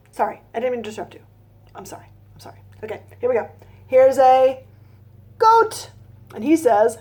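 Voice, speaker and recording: High-voiced, unhurried woman reading aloud to children. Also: expressive. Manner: gentle, talks directly to young listeners, sings snatches of nursery songs. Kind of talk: children's read-aloud phonics lesson.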